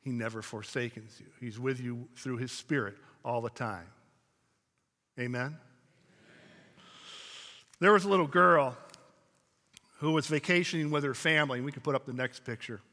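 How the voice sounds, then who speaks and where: A man's voice: medium pitch, normal speed, long pauses, pushed and bright. A man preaching a sermon to his congregation, telling stories and calling out to the room. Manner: storytelling preacher, speaking to a congregation. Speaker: pastor. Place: church sanctuary. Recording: long hall reverb.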